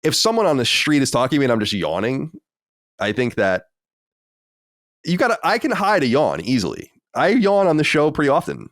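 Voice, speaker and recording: A man co-hosting a podcast in casual chat, opinionated and prone to quick restarts. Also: medium pitch, huge pitch swings, dry recording, clean studio sound. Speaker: podcast co-host.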